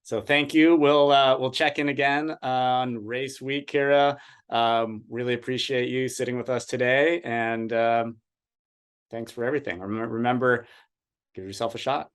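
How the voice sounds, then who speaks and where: A male running coach hosts the interview and asks long, winding questions. He restarts often and hunts for words, in a voice of middling pitch. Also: steady tone, clean tone. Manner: rambling, halting questions with many restarts.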